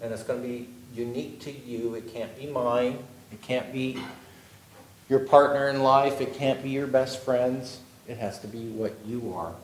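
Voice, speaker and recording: A man's voice: medium pitch, fairly even intonation, normal speed, a little hiss or hum. A man giving a workshop talk on job interviews to a live audience, speaking conversationally and often checking in with "okay?". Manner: conversational, repetitive, lots of "okay?" check-ins. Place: meeting room with an audience. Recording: echoey meeting room.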